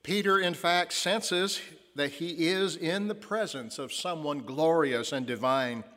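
A man preaching a sermon as pastor, telling stories and slowing down to stress key lines. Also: on the high side, sharp tone. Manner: storytelling, slows for emphasis. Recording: long church reverb.

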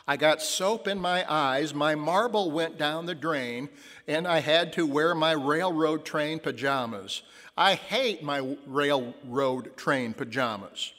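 A man voicing a whiny seven-year-old boy who is fed up with his day, reading his complaints in a slowed, drawn-out way. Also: on the high side, pushed and bright. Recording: long church reverb.

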